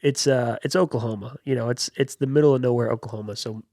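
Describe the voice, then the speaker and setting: A man's voice: medium pitch, steady tone, quick pace, warm tone, no echo. A man co-hosting a podcast, telling a story in casual chat with lots of fillers and restarts, close to his mic. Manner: rambling, full of fillers and restarts. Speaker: podcast co-host.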